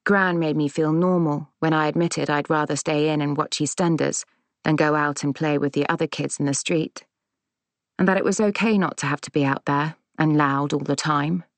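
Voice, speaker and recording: A woman narrating a first-person audiobook in a measured, gentle, reflective way. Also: low-pitched, steady tone, dry recording.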